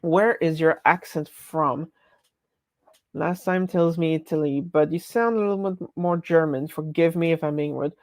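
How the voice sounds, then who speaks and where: A woman's voice: low voice, moderate pace, dry recording. A woman with a French accent chatting casually on a live stream, rambling and breaking off her own sentences. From France. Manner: rambling, chatty, self-interrupting.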